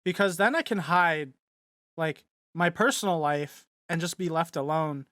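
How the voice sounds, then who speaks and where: A man's voice: a little high, a little slow, a bit bright, no echo, studio quality. A young man co-hosting a podcast and chatting casually, rambling with lots of fillers. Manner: rambling, filler-heavy, laughs easily. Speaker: podcast co-host and streamer. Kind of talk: casual chat.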